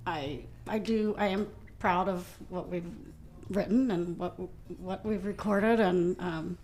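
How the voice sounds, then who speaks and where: A woman's voice: on the low side, slow pace, darkish tone. A middle-aged woman, a musician and gymnastics coach, speaking reflectively and hesitantly, with many fillers, as a guest in casual conversation. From Ohio, USA. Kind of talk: casual interview chat.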